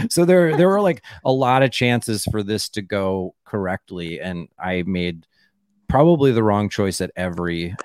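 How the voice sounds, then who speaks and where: A man's voice: fairly low pitch, expressive, unhurried, a little mellow, dry recording, clean studio sound. A man, a comedian guest on a casual podcast, rambling, full of "like" and restarts.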